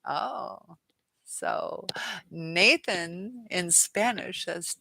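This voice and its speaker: A woman with a low, gravelly voice hosts a relaxed live chat. She reads viewer comments aloud, trails off now and then and laughs easily. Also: normal speed. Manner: chatty, laughs often, trails off while reading comments.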